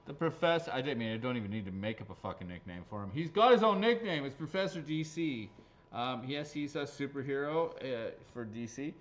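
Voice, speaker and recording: A man hosts raffle draws on a live stream in a loose, chatty way. He cracks jokes and swears freely as he goes, and his voice sits at a middling pitch. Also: lively intonation, brisk. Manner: casual, jokey, swears freely. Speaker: raffle host.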